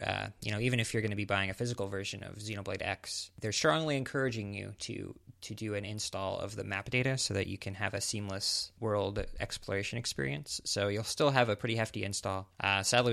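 Low gravelly podcast dude, kinda sharp tone, just chatting and telling stories. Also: male voice, brisk, hardly any pauses. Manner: relaxed, storytelling, repeats words. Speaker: podcast co-host. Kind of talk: casual podcast chat.

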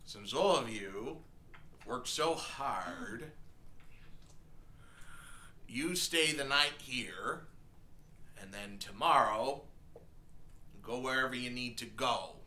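Man playing practical wine merchant, slow deliberate delivery, echoey room. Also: medium pitch, pushed and bright. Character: busy male wine merchant, brisk and practical.

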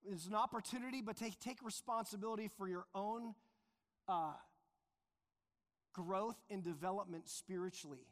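A man preaching a sermon as pastor, earnest and emphatic, slowing down to stress key phrases. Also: high voice. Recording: long reverb of a large hall.

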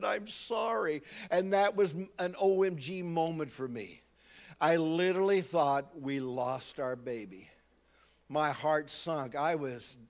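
An older man preaching a sermon, calling out to the congregation and telling a personal story. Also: high voice. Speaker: pastor.

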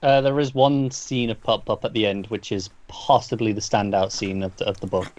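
A man's voice: lowish voice, fairly even intonation, moderate pace, darkish tone, dull audio. A man co-hosting a podcast, casually recapping a story at length with frequent restarts and repeated words. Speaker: comic book podcast co-host.

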